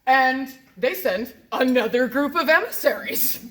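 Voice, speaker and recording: A woman telling a story live to an audience, in a lively, joking, casual way. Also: sits high, unhurried. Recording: roomy echo.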